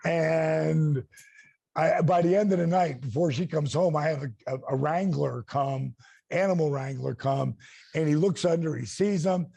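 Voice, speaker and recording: A middle-aged man and former wrestler telling an animated story, acting out quotes with big voice swings. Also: on the high side, moderate pace, no room sound. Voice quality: gravelly.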